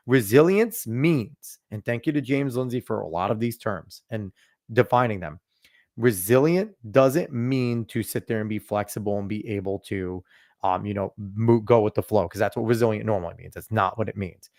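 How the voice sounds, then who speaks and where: A man's voice: fairly low pitch, normal speed, a little mellow, no room sound, studio quality. A man hosting a podcast, ranting emphatically and swearing freely in casual political chat. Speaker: podcast host.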